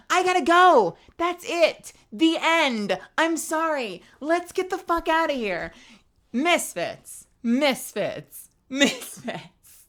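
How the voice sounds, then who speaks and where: Wrapping up her stream in casual outro chat, a young woman talks animatedly, laughing and swearing freely. Her tired, strained voice is on the high side with a fairly bright tone.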